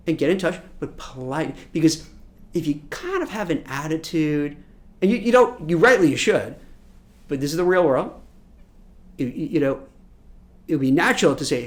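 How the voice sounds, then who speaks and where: A man, a seasoned recruiter, talks through career advice in a casual way. His voice sits a little high and swings widely in pitch. He keeps slipping into little acted-out exchanges. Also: a little fast, long pauses. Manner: animated, acts out imagined dialogue.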